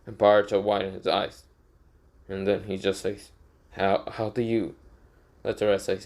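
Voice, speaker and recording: A man's voice: fairly low pitch, flat delivery, a little slow, long pauses, a little mellow. A young man casually narrating a made-up fan story, rambling with many fillers and self-corrections.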